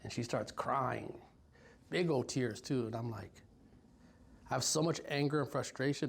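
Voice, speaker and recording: A man in his forties from Stockton, California, telling his life story in an interview, reflective and halting with many pauses and ums. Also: mid-range voice, vocal fry, slightly rough. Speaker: violence prevention worker. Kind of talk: personal story told in an interview.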